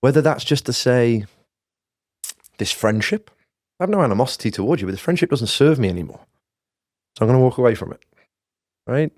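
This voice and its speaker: A man's voice: medium pitch, expressive, fairly quick, long pauses, darkish tone, no echo. Man, worcester english accent, podcast guest, plain-spoken, tag questions, dry close mic. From Worcester, England. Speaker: guest entrepreneur. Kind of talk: casual podcast conversation.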